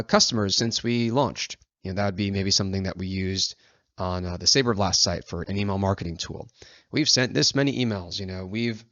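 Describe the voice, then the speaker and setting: A man's voice: lowish voice, fairly bright tone, no room sound, highs cut off. A man teaching copywriting in a casual, chatty way, full of fillers and acted-out example lines. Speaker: agency founder teaching copywriting. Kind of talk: casual instructional talk.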